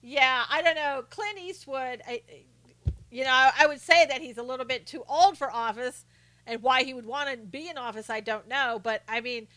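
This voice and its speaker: A woman with a high, bright voice hosts a casual live stream, chatting and telling stories with a ready laugh. She greets viewers one by one and answers their comments as they come in. The sound is close and dry, with no room echo. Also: moderate pace. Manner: animated storyteller with frequent laughs.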